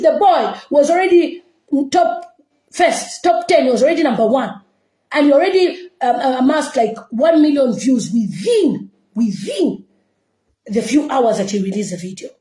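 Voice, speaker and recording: A woman's voice: sits high, sing-song, moderate pace, mellow, roomy sound, poor audio. A woman from Zambia, giving an impassioned, scolding reaction rant full of rhetorical questions. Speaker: online commentator.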